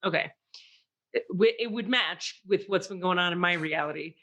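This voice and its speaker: Casting woman podcast co-host, lively storyteller who acts out quotes. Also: on the low side, moderate pace. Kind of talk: casual chat.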